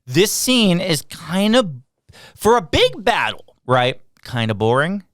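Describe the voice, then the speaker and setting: A man's voice: high-pitched, big pitch swings, slow, fairly bright tone, no room sound, clean studio sound. A man co-hosting a podcast, recapping a film in casual chat with an exasperated, sarcastic edge. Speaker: podcast co-host. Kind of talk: casual movie review chat.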